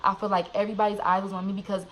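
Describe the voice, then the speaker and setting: A young woman tells a personal story straight to the camera, candid and animated, with slang and plenty of "like"s. Her voice sits at a middling pitch. A faint background noise runs under the recording. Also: racing, poor audio. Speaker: vlogger.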